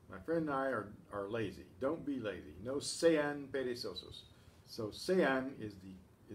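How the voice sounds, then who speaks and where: A man teaching a class, speaking slowly and patiently and clearing his throat often. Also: mid-range voice. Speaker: Spanish teacher. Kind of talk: class lesson.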